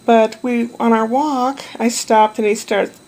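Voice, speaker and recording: A woman's voice: a little high, steady tone, unhurried, darkish tone, low-quality recording. A woman chatting in a rambling, meandering way about her day looking after a toddler. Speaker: vlogger caring for a toddler. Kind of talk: rambling casual chat.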